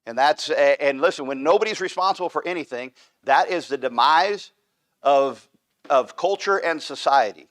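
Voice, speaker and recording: A man's voice: a little high, normal speed, a bit bright. Emphatic man teaching a church class. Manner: emphatic, repeats points with "right?". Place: church room.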